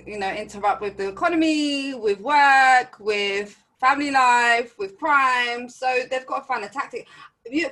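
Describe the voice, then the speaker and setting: An opinionated woman guesting on a podcast, speaking with a slightly high voice. She explains things in astrology terms. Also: a bit bright, rough recording. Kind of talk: casual chat.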